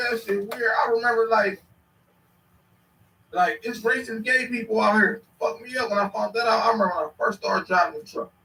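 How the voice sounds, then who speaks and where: A man in his thirties telling stories in casual chat, animated and swearing freely. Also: high voice, recorded from a distance. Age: 30s. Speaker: podcast host. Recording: echoey room, away from the mic.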